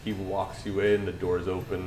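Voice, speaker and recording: Low-voiced man running a tabletop game. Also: flat delivery, normal speed. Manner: loose, rambling narration with fillers. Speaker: game master. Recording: echoey room with clear background noise.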